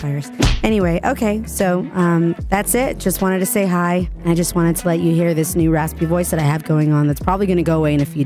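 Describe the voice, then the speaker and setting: Hoarse, raspy woman podcaster, lowish voice. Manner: chatty and playful, jokes about herself. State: sick, hoarse. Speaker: radio DJ and podcast host. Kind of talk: casual solo podcast chat.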